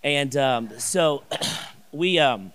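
A man telling a personal story in a sermon, animated and rambling, with many restarts and asides. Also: on the high side, extremely slow, smooth. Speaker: pastor.

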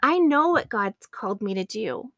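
A woman's voice: fairly high pitch, lively intonation, normal speed, fairly bright tone, dry recording. A woman in her late thirties hosting a faith podcast, earnest and addressing her listeners as friends. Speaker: podcast host.

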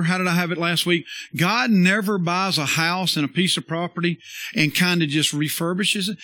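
A man preaching a sermon as pastor, folksy and conversational, repeating phrases and rising to emphatic loud bursts. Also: high-pitched, dry recording.

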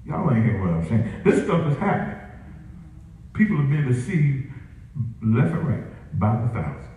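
A man's voice: medium pitch, very animated, moderate pace, warm tone. A man preaching a sermon in call-and-response style, chuckling between lines as he drives his points home. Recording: echoey room picked up from a distance, faint ambience.

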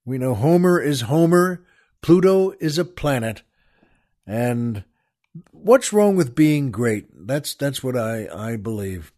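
A man's voice: medium pitch, big pitch swings, takes it slowly, a little mellow. An older man hosting a talk show, telling a rambling, wry story with small laughs and restarts. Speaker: podcast host. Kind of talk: casual storytelling monologue.

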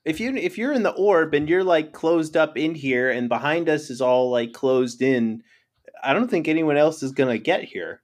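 A man's voice: a little high, normal speed. A man playing a tabletop game, goofy and rambling, playful in character. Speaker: player.

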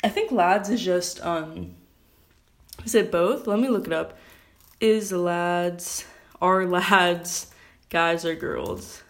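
A woman's voice: on the low side, takes it slowly, long pauses. A teenage girl hosting her own podcast, chatting and ranting in a rambling, self-correcting way, recorded on a phone. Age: teens. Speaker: podcast host. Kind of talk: casual solo podcast rant.

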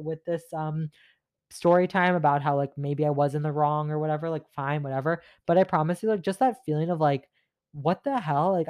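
A man's voice: on the high side, no echo. Young man, vlog storytime, fired-up and ranty, filler-heavy, dry close sound. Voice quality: heavy filler 'like', frequent swearing. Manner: animated, exasperated, laughs mid-rant. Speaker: vlogger telling a story. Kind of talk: casual storytime monologue. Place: at home in front of a mirror.

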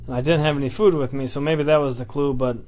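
A man telling a personal story in a casual, halting way, with many fillers and restarts. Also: medium pitch, steady tone, darkish tone, a little hiss or hum.

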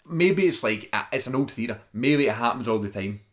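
A young man hosting a casual chat, telling a story with lively swings in his voice. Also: medium pitch, normal speed. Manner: animated storyteller, voice jumps up when excited. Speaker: podcast host.

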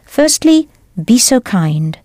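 Woman teacher for a studio language course; lively, encouraging delivery, dry booth sound. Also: a little high, slow, no room sound. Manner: clear, encouraging instruction. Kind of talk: scripted audio lesson.

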